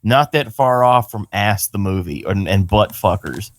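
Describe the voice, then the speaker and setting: A man with a somewhat low voice hosts a casual podcast chat. He rambles and curses freely, throwing in mocking quoted lines. The sound is close and dry with no room around it. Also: lively intonation, a little slow, dry recording. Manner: rambling, profane, riffs with mock voice quotes. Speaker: podcast host.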